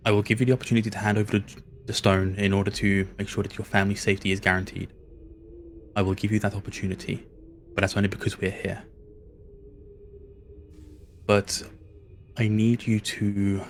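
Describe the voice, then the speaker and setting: A man playing a tabletop game, speaking in a polite, measured way in character. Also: lowish voice, a little hiss or hum. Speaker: player.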